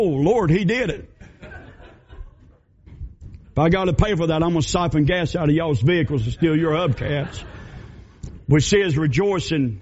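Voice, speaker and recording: Pastor, high-pitched, folksy and fiery, dull lo-fi sermon recording. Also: male voice, a little mellow.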